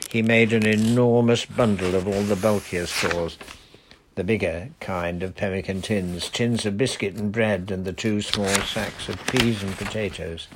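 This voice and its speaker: A man narrating a children's novel with a lively, expressive reading. His voice sits somewhat low. The telling is steady and clear. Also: unhurried, very noisy.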